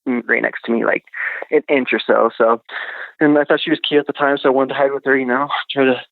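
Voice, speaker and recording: A man's voice: medium pitch, steady tone, fast talker, creaky, no room sound. Man telling a story over a phone line. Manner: rambling with many fillers. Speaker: podcast guest. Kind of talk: casual storytelling. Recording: tinny phone line, dry.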